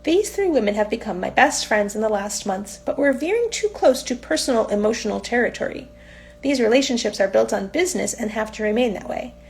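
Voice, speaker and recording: A woman's voice: on the high side, animated, fairly quick, creaky, a little mellow, faint music behind. A woman reading aloud from her own novel in a casual, unpolished audiobook style, now and then stumbling and correcting herself.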